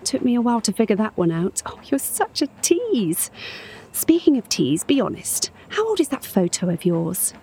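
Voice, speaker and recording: Brief: actress as a middle-aged woman, lonely and obsessive, breathy and hushed, intimate radio-play monologue. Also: on the high side, wildly swooping pitch, moderate pace, exaggerated voice. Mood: dreamy, infatuated. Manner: hushed, dreamy, intimate, drifting into whispers. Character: lonely obsessive woman fixated on a stranger online. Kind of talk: audio drama monologue.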